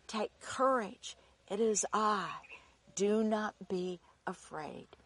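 A woman preacher voicing a hushed, gentle Jesus. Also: mid-range voice, slightly rough. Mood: reassuring. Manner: soft, hushed, slow. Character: Jesus, calm gentle man reassuring frightened followers.

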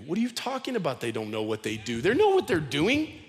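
A man's voice: fairly high pitch, huge pitch swings, a little fast. A male pastor giving a sermon in a conversational, repetitive style, acting out the people he quotes. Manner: conversational preaching, repeats words, acts out quotes. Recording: long hall reverb.

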